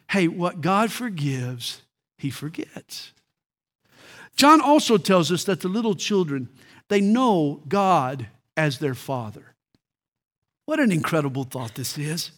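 Male pastor, high voice, middle-aged, storytelling sermon delivery with emphatic slowdowns. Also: big pitch swings, fairly bright tone.

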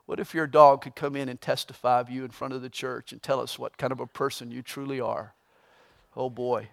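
A man preaching a verse-by-verse sermon, reading scripture and mixing in humor and a joke told with rising excitement. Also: mid-range voice, fairly quick, creaky. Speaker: pastor.

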